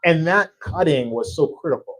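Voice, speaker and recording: A man, an author, telling lively anecdotes about writing his book to an audience at a church event, often checking in for agreement. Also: on the high side, moderate pace, rough recording. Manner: animated, anecdotal, with a frequent tag question asking the audience to agree. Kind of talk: storytelling conversation before a live audience.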